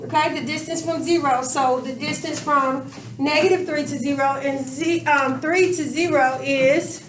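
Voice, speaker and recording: High-voiced teacher in an echoey classroom. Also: female voice, fairly even intonation, far from the mic, background noise. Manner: questioning, drawn-out emphasis. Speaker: math teacher. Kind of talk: classroom lesson. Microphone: camera across the room.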